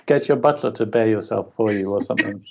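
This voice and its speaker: A man's voice: on the low side, fast, creaky, slight background noise. Chatty man with a dull lo-fi sound. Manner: chatty, jokey, with fillers. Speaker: podcast co-host. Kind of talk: casual chat.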